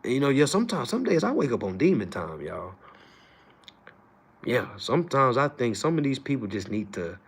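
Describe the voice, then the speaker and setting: A young man hosting a livestream, ranting casually to his audience in slangy, profane talk, swinging from loud outbursts to low asides. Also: very animated, normal speed, creaky, slightly rough. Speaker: livestream host.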